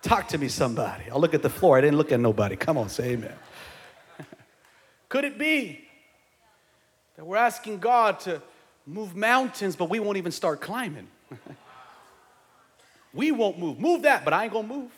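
A male pastor preaching a sermon in a church, calling on the congregation to answer back and rising to shouts at the peaks. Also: fairly high pitch, sing-song, a little slow, pauses often, husky. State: sweating from exertion. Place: church sanctuary. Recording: live church sound with long reverb.

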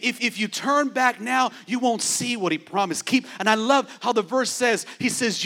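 A man pastor delivering a sermon, moving between playful asides and loud, shouting exhortation. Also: high voice.

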